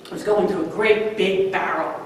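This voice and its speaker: A woman in her fifties telling a personal story on stage, animated, moving between hushed asides and emphatic outbursts. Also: on the low side, moderate pace, a little hiss or hum. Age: 50s. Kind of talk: live storytelling performance. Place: stage in a large hall. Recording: echoey hall, far-off mic.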